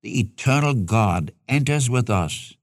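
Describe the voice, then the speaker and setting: A male Bible teacher delivers a sermon in an earnest, homespun manner. He speaks straight to his listeners and keeps asking rhetorical questions. His voice sits at an ordinary middle pitch, and the recording is dry and close with no room echo. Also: expressive, measured pace. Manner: earnest, folksy, addresses listeners directly.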